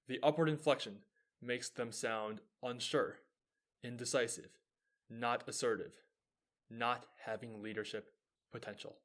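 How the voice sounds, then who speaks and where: A man's voice: medium pitch, fairly bright tone. A young man in his twenties hosting his own show, giving a scripted explanatory monologue, earnest and posing rhetorical questions that he then answers. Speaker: show host.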